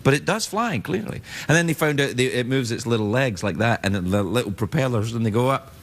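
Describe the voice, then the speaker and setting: Playful Scottish talk show host. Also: male voice, mid-range voice, expressive, brisk, noisy background. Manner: teasing, playful, jumps between voices. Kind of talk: late-night talk show banter.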